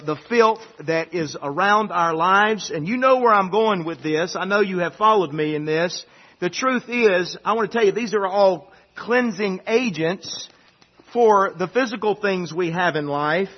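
A man's voice: high voice, slightly rough, highs cut off. A man pastor preaching a sermon in a conversational way that rises to emphatic peaks.

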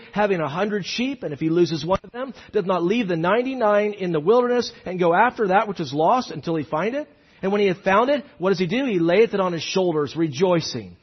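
Male preacher, high husky voice, dramatic dynamic sermon delivery, dull lo-fi recording. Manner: animated, swings from loud emphasis to hushed asides.

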